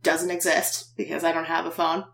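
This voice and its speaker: Creaky-voiced woman chatting casually. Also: deep voice, little pitch movement, moderate pace, fairly bright tone. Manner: chatty, laughs often, trails off and restarts. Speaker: podcast host. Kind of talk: casual chat recapping a TV episode.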